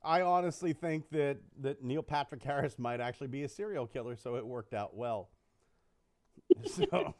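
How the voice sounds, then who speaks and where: A male podcast host telling stories in casual chat, animated and swearing often. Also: medium pitch, a little slow.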